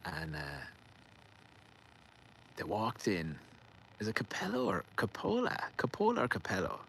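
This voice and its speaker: A man's voice: medium pitch, wildly swooping pitch, a little slow, gravelly, fairly bright tone, breathy edge, low-quality recording. An Irish man vlogging outdoors in a garden, telling a loose, sweary anecdote in a casual rambling way, laughing and fumbling over names. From Ireland.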